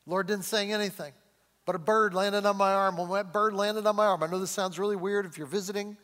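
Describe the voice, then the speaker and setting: Middle-aged guy preaching, high-ish voice, laughs a lot, drags words out for emphasis, church echo. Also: fairly even intonation, a bit bright. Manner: conversational preaching, chuckles often, slows and rises for emphasis. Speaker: pastor. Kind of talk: sermon. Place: church sanctuary. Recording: long hall reverb.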